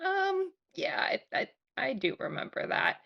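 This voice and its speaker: A woman's voice: very high-pitched, wildly swooping pitch, unhurried, gravelly, dull audio. A woman playing a tabletop game, hesitant and laughing as she speaks for her character. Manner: hesitant, giggly. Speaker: player. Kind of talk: casual tabletop play.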